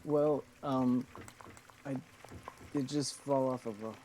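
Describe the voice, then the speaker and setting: A man's voice: mid-range voice, level tone, slow pace, mellow, a little hiss or hum, rough recording. A man playing in a casual tabletop game, laid-back and hesitant. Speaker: player.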